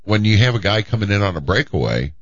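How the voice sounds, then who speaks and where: A man co-hosting a sports radio show, speaking in a halting way and repeating himself. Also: on the low side, very animated, no room sound, highs cut off. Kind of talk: casual sports radio chat.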